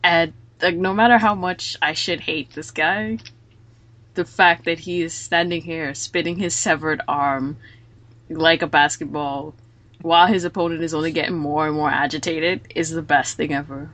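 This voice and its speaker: A woman hosting a casual podcast, retelling scenes quickly and with animation. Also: low-pitched, fairly even intonation, a bit bright. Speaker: podcast host.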